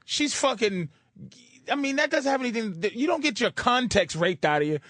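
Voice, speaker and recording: A man's voice: extremely high pitch, animated, normal speed, fairly bright tone, no echo. A man bantering crudely on a radio show, laughing often. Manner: laughs often, tosses in mock accents.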